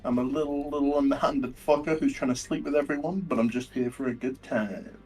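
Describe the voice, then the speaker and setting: A laid-back man speaks in a croaky voice on a tabletop game call. He talks casually and crudely. Faint music sits in the background. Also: medium pitch, brisk, darkish tone. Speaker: player.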